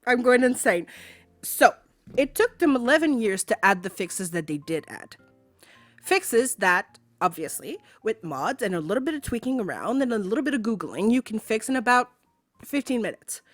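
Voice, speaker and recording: A woman's voice: a little high, sing-song, normal speed, no echo, faint music behind. A woman streaming from home, ranting angrily to her chat with swearing and sarcasm, repeating her points for emphasis. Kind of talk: angry rant to a live stream chat.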